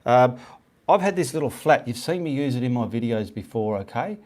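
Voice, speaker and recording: A middle-aged Australian man, brisk and animated with a darkish medium-pitched voice, hosts a live painting stream. He rambles through casual chat with viewers, reading comments and often checking in with "okay".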